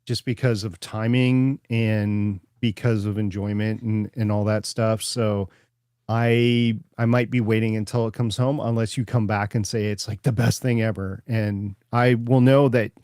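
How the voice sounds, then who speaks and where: A man's voice: lowish voice, fairly even intonation, unhurried, darkish tone, clear, resonant tone, no room sound, studio quality. A man from Minnesota hosting a casual podcast chat, talking in a loose, rambling way with frequent restarts. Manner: chatty, rambling with repeated starts. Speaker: podcast host.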